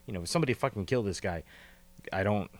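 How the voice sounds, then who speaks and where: Casting: male podcast co-host, very low voice, loose and rambling, a bit profane. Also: animated, fast talker, no room sound. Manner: rambling, profane, laughs easily. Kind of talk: casual chat. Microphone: call recording.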